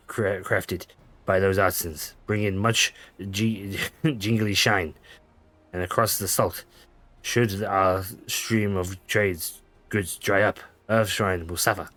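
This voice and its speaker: A man's voice: low voice, a bit bright. A man streaming a game, reading the dialogue aloud with frequent stumbles, self-corrections and laughs. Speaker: gaming streamer.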